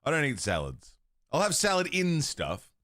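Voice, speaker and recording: A man's voice: on the high side, wildly swooping pitch, normal speed, fairly bright tone, no room sound, studio quality. A man hosting a livestream, chatting casually with his viewers, swearing freely and laughing often. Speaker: livestream host. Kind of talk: casual chat with stream chat.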